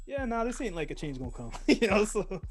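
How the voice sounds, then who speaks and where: A man co-hosting a podcast, chatting casually about movies, animated and laughing often as he acts out scenes. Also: high-pitched, fairly quick. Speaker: podcast co-host. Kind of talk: casual movie review chat.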